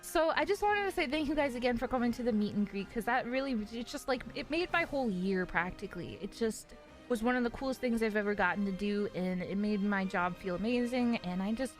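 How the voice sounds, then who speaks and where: A woman's voice: on the high side, animated, fairly quick, soft background music. A woman in her twenties, a streamer, talking in casual live-stream chat in an earnest, confiding way with many fillers.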